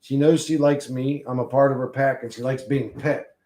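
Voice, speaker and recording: A man's voice: medium pitch, steady tone, moderate pace, a little mellow. A man hosting a casual livestream, rambling and swearing as he talks to his chat and to his dog. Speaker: livestream host.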